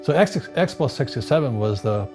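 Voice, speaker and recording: A man in his seventies from Hawaii, a guest in an interview, telling animated stories with frequent restarts and repeated words. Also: mid-range voice, normal speed. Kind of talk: storytelling conversation. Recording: music playing underneath.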